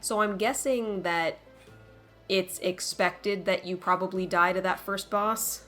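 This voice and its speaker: A woman's voice: medium pitch, fairly even intonation, slow, fairly bright tone, soft background music. A woman casually commenting on a video game she is playing, muttering to herself in a rueful, chatty way. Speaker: game streamer. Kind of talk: casual let's-play commentary.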